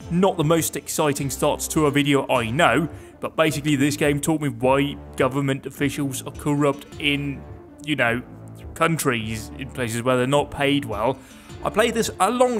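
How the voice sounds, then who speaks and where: A man giving casual, joking commentary as he plays a video game at his computer. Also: a little high. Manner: chatty and joking, talking to himself while playing. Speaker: gaming video host. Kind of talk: casual let's-play commentary.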